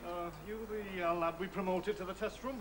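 A man's voice: sits high, fairly even intonation, brisk, lightly acted. An actor playing a bossy factory foreman who gives curt, commanding orders. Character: bossy, high-handed factory foreman, adult man. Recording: hissy old television broadcast.

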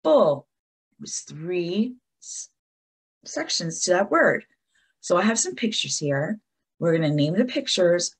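A woman teacher giving an encouraging lesson to young children, talking to them in an animated way. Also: fairly low pitch, slow, pauses often, slightly rough.

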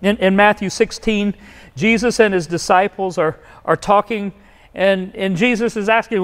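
High-voiced pastor preaching in a reverberant hall. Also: male voice, normal speed, smooth. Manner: conversational preaching with many restarts and acted-out quotes. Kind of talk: sermon. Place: church sanctuary.

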